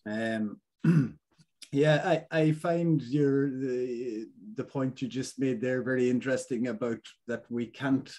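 A man hosting a webinar, speaking in a hesitant, halting way. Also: mid-range voice, fairly even intonation, mellow. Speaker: host. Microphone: video call.

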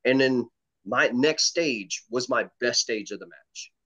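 In an unhurried, sharp-toned mid-range voice, a competitive shooter guest chats loosely on a podcast. He tells meandering stories full of swearing and filler words, captured on dull, lo-fi audio.

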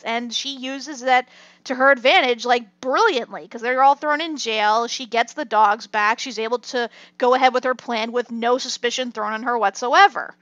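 A woman co-hosting a podcast, laying out an argument about a film in an animated way. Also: high-pitched, dry recording, dull audio. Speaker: podcast co-host. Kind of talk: casual film discussion.

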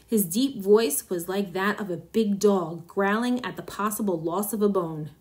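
A woman's voice: medium pitch, normal speed, darkish tone. Woman reading a story aloud. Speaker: story reader.

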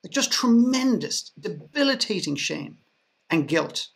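A gravelly, high-sitting voice with a sing-song lilt belongs to an Irish podcast guest who talks a little slowly. He tells a story sarcastically within a panel conversation, restarting sentences often.

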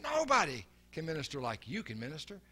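An older man delivers a sermon in a fairly high voice for a man. He talks earnestly and circles back on his own words. When he quotes others, his voice drops to a quiet murmur. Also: huge pitch swings, fairly quick. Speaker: preacher.

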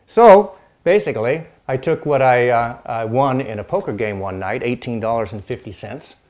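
A man's voice: medium pitch, moderate pace, a little mellow. An older man from the Pacific Northwest reminiscing about his early music years, talking in a rambling way with fillers and restarts and stopping now and then to strum chords on an instrument. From Pacific Northwest, United States. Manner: demonstrates chords while talking. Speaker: host and dulcimer player. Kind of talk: casual reminiscing monologue.

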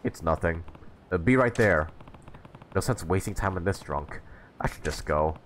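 A man's voice: normal speed, slight background noise. A man doing a curt stoic young tough. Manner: flat, terse, low-key. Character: stoic young male street fighter, curt.

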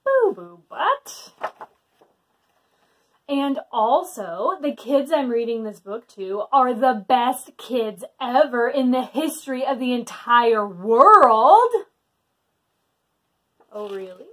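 A high-voiced woman hosts a library storytime and reads a book aloud to children. She swoops all over her range, hamming up playful mock protests. Her delivery is unhurried, with room left for every joke. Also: lively intonation, fairly bright tone. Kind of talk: reading a picture-free book aloud to children.

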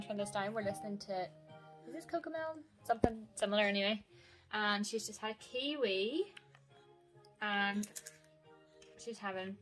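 A young woman, chatting casually at home as a mother vlogging, dropping into sing-song baby talk. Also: medium pitch. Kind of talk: casual vlog chat. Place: at home, indoors.

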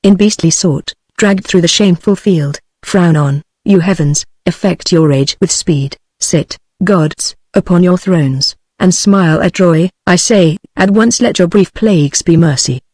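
A text-to-speech British woman voicing a grieving, vengeful young Trojan prince in an even tone. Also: fairly low pitch, measured pace, few pauses, no echo, clean studio sound. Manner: flat synthetic delivery.

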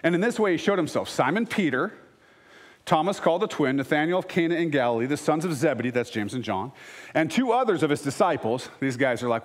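A man's voice: fairly high pitch, lively intonation, fast talker. A man preaching a sermon as pastor, reading scripture aloud with casual, joking asides between passages.

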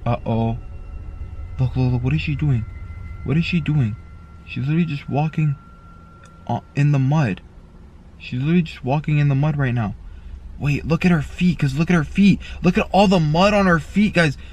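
A man giving excited vlog commentary from inside a car, repeating himself with constant exclamations. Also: fairly high pitch, moderate pace, pauses often, a little hiss or hum. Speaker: YouTuber.

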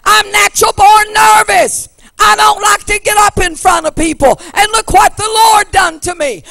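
A woman preacher delivering a fiery revival sermon in a folksy, plain-spoken way, swinging from hushed asides to shouted preaching. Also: very high-pitched, fairly even intonation, moderate pace, gravelly, hardly any pauses, dry recording, faint music behind.

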